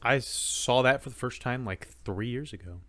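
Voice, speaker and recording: A man's voice: medium pitch, moderate pace, a bit bright, dry recording. Joking, rambling man on a dry mic. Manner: joking, rambling, lots of fillers and restarts. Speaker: podcast co-host. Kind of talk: casual chat.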